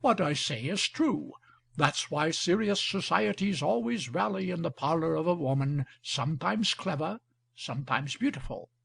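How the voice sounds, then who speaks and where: A man reading the part of a scheming older marquis with gout, speaking in an ironic, flattering way. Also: on the high side, moderate pace, full character voice. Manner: ironic, flattering, smooth talker.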